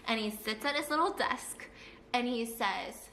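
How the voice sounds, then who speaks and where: A woman telling a personal story in casual, animated talk, acting out the people in it. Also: a little high, slight background noise. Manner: animated and fast, acting out her parents and a police officer. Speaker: storyteller in a played clip. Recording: echoey room.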